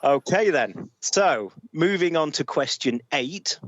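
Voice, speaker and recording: A man's voice: a little high, lively intonation, slow, dull audio. A man with a Northern English accent hosting a casual podcast quiz, reading clues carefully and chuckling between answers. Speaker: podcast quizmaster.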